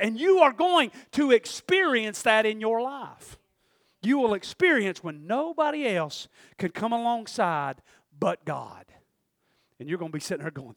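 A man's voice: high voice, animated, normal speed, fairly bright tone, dry recording, studio quality. A man preaching a sermon in a loose, conversational way, laughing often and acting out quoted voices.

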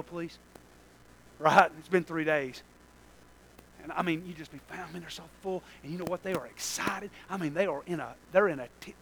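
A man preaching a sermon, animated and joking, swinging from loud exclamations to quiet asides. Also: sits high, rough recording. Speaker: pastor.

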